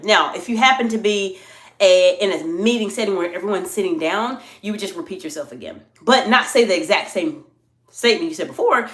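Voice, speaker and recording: A woman executive communication coach giving a live-streamed talk, answering chat questions in a polite, animated coaching tone. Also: mid-range voice. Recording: roomy echo.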